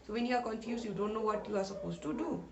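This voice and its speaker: A woman's voice: mid-range voice, quick pace, creaky, muffled recording. A woman teacher explaining a story line by line to schoolchildren, rephrasing each sentence and asking questions aloud with frequent "uh" fillers. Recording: echoey room with faint noise.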